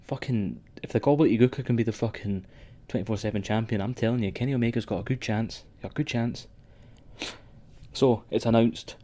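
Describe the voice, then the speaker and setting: A man's voice: mid-range voice, a little fast, warm tone. A man co-hosting a wrestling podcast in sweary, rambling casual chat. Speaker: podcast co-host.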